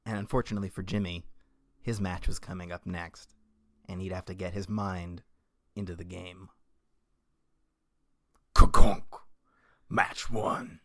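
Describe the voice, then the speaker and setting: A man's voice: low voice, little pitch movement, moderate pace, darkish tone, dry recording. A man co-hosting a comedy podcast, improvising a story with playful, teasing asides.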